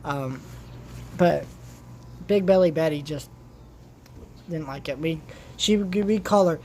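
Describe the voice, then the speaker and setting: A young vlogger telling a rambling home story in casual chat, with many restarts and animated swings between loud bursts and quiet asides. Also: medium pitch, measured pace, pauses often, slight background noise.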